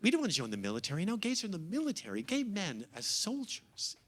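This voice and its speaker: A man's voice: high voice, wildly swooping pitch, fast talker, a bit bright. A middle-aged American man doing stand-up in a comedy club, teasing the crowd in a camp, sardonic way. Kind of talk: stand-up set, crowd work.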